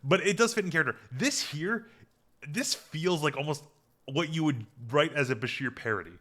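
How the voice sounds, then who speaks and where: A man co-hosting a podcast in casual chat, rambling with lots of restarts and getting animated when something amuses him. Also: a little high, normal speed. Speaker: podcast co-host.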